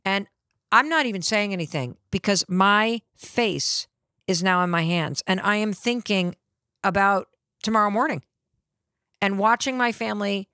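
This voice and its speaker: A middle-aged woman hosting a podcast, telling a personal story in an animated, dramatic way. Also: medium pitch, clear, resonant tone, dry recording, clean studio sound. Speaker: podcast host.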